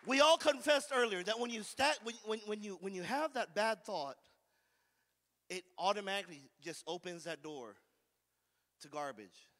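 High, bright-voiced male preacher in a reverberant hall. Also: animated, moderate pace. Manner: fervent call-and-response preaching, asks for amens. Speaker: pastor. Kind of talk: sermon.

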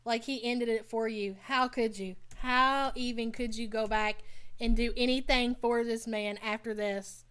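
A woman hosting a live stream in a casual, sassy way, with a fairly high voice. She speaks bluntly and keeps turning to chat with her viewers. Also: steady tone, measured pace, a bit bright, clean tone. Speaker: live stream host reacting to a reality show.

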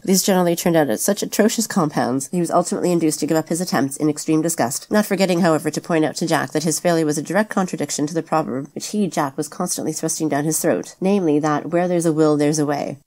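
A woman narrates a classic adventure novel in an audiobook reading. Her voice sits low and she moves through the text at a quick, even clip. The delivery stays steady and matter-of-fact. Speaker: audiobook reader.

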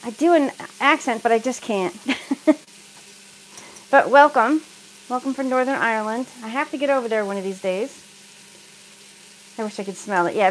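A middle-aged woman from the United States talks while she cooks in her home kitchen. She is chatty and easygoing, and laughs often as she answers viewers' comments. Her voice sits a little high, with faint sizzling behind it. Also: slight background noise, poor audio. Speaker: cooking livestream host. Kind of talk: casual chat while cooking.

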